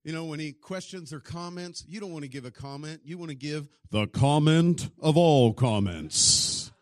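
A man preaching a sermon, telling stories and acting out the people in them, often swinging from quiet to loud. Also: a little high, normal speed, dry recording, studio quality. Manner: storytelling, acts out voices with big swings in loudness.

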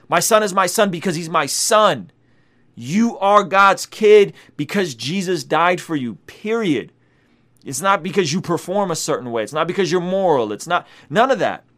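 Man preaching to camera, highish voice, keeps repeating stuff for emphasis. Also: expressive, normal speed, a bit bright. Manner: emphatic, repeats key points. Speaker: Christian video host. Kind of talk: preaching commentary.

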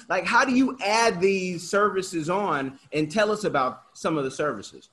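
A man from Oakland hosting a casual interview, talkative and animated, often restarting his sentences. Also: sits high, unhurried, few pauses. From Oakland, California. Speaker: podcast host.

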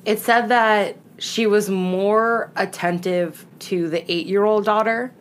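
A woman's voice: medium pitch, steady tone, slow pace, slight background noise. A woman casually telling ghost stories on a podcast, chatty and full of "like", acting out what people said. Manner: chatty, lots of "like", acts out quoted lines. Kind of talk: casual storytelling chat.

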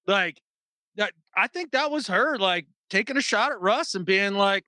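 A man hosting a casual sports talk show, animated and acting out quotes in mock voices. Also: sits high, moderate pace, dry recording. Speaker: sports podcast host.

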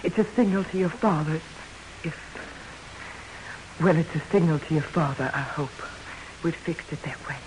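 In a 1940s radio drama, an actress with a deep voice plays a blunt, protective frontier widow and mother. She sounds determined, threatening and commanding, speaking at a measured pace with frequent pauses over background noise.

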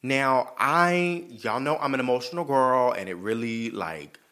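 Brief: male podcast host, mid-pitched voice, sassy and profane, blunt advice. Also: a little slow, bright, forceful tone. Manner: reflective and earnest when talking about himself. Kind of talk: casual advice chat.

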